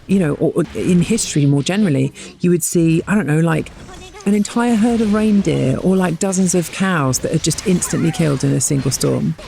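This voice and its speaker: A man's voice: high-pitched, gravelly, mellow. A man with an English accent, co-hosting a podcast and eagerly explaining science in casual chat. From England. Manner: enthusiastic explainer, quick bursts. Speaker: podcast co-host.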